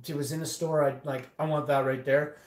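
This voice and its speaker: A man's voice: fairly high pitch, level tone, a little fast, darkish tone. A man telling a casual story to camera, rambling with lots of fillers, restarts and swearing. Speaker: vlogger. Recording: roomy echo.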